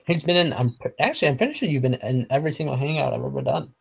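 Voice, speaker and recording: A man's voice: mid-range voice, animated, racing, creaky, breathy edge. A man hosting a casual online hangout, rambling and swearing a lot, full of fillers, sometimes stumbling over his words. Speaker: motovlog host.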